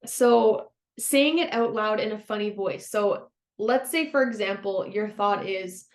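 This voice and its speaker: Woman podcast host, mid pitch, gentle and encouraging, in a roomy, echoey space. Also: unhurried. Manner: gentle, encouraging, laughs easily. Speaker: podcast host and former counselor. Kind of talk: self-help podcast monologue. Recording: roomy echo.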